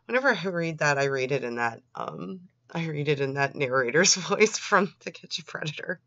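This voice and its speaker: A woman's voice: low-pitched, animated, normal speed, hardly any pauses, a bit bright, no room sound. A young woman reading chat logs aloud and adding sarcastic, disgusted comments. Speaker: commentary host. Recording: dry, slightly dull lo-fi home recording.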